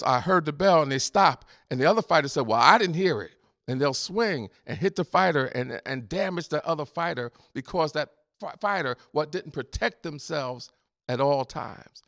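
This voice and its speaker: A man's voice: fairly high pitch, vocal fry, a bit bright. A man preaching a sermon to his congregation, asking rhetorical questions and repeating refrains. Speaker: pastor.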